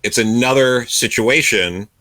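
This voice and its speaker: Male co-host, low and sharp-toned, dry mic, fast emphatic talker who stumbles on his words. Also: no room sound. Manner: quick bursts of agreement, stammering restarts. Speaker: podcast co-host. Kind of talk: casual comic book discussion.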